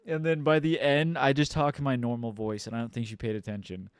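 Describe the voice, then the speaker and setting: A man's voice: medium pitch, little pitch movement, brisk, smooth, no echo, studio quality. A young man co-hosting a podcast, telling a rambling story in casual chat, swearing often and mimicking people as he goes. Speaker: podcast co-host.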